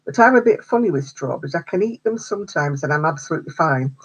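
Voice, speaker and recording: A woman's voice: deep voice, expressive, fast talker, slightly rough, poor audio. A woman hosting a craft livestream, chatting casually with viewers, answering their comments and laughing often. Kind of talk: casual chat with live viewers.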